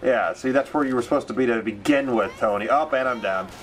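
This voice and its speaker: A man's voice: mid-range voice, fast. A man playing a co-op game, teasing his friend and swearing. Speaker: gamer. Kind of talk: casual co-op let's play chat.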